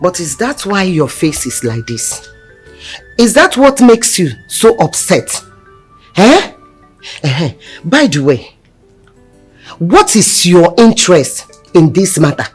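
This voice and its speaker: A woman's voice: on the low side, big pitch swings, slow pace, long pauses, breathy edge, soft background music, heavily acted. An actress with a Nigerian accent playing a middle-aged village mother who questions and scolds her daughters. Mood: questioning. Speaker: mother, Mama. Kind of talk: Nollywood film acting.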